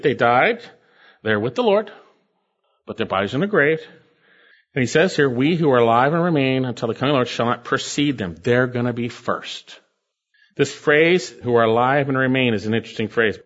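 Emphatic preacher, lo-fi sermon tape. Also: male voice, mid-range voice. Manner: emphatic, with rhetorical questions. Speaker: pastor. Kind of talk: expository sermon.

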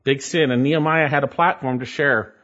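A man's voice: medium pitch, brisk, fairly bright tone. A man preaching an expository Bible sermon in an emphatic way, repeating his key points for stress. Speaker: pastor. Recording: dull lo-fi recording.

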